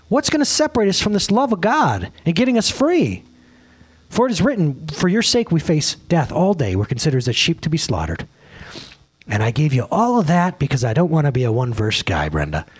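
A male pastor preaching a casual sermon, excitable and rambling, often laughing at himself. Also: a little high, normal speed, breathy edge.

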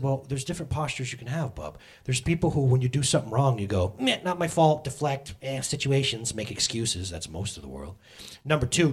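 Husky, lively preaching man. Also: mid-range voice. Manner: animated, swings between loud exclamations and soft storytelling. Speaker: pastor. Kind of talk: sermon.

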